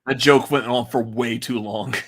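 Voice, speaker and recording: A man hosting a movie podcast in casual, rambling chat, laughing often. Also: medium pitch. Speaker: podcast host.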